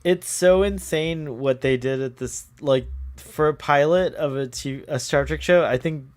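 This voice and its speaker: A man's voice: fairly high pitch, a little slow. A young man co-hosting a casual episode commentary with enthusiasm, laughing often and filling his talk with "like". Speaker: podcast co-host.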